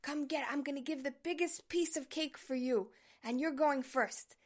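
A woman's voice: high-pitched, moderate pace, darkish tone, pitched above the performer's own voice, lightly acted. A woman voicing her doting old grandfather as he beams and invites someone up. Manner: beaming, inviting.

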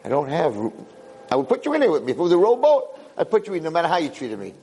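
A man's voice: fairly high pitch, wildly swooping pitch, rapid-fire, mellow, husky, voice pushed up, exaggerated voice. This is an earnest youngest son, pious and put-upon, pleading in a raised voice, as a man telling a parable puts him on. The figure is a sincere young man who has been wronged. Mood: apologetic.

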